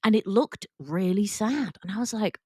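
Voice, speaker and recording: A woman coach hosting a podcast, telling a personal story in a soft, reflective and openly emotional way. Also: medium pitch, lively intonation, normal speed, slightly rough, dry recording, clean studio sound. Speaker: podcast host and work confidence coach.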